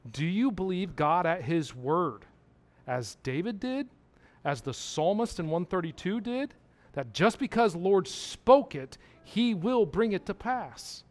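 High-voiced man preaching emphatically. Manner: emphatic, repetitive, asks the congregation questions. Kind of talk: sermon.

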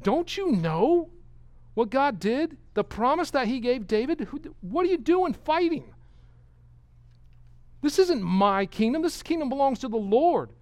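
Guy doing a cocky old king taunting the enemy, high mocking voice, dry sound. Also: very animated, a little slow, a little mellow, no echo, exaggerated voice. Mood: sarcastic. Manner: mocking, emphatic, rising pitch. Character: bold, sarcastic ancient male king taunting a foe.

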